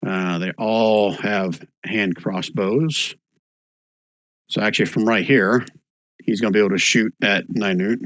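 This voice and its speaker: A man running a tabletop game online as dungeon master, relaxed and thinking aloud as he rules. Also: on the low side, unhurried, no echo.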